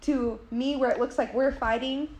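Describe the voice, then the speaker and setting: A young woman chats as co-host of a casual podcast. Her voice sits high, and she talks in animated bursts, laughing through her stories. She swears freely and easily. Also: normal speed. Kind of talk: casual chat.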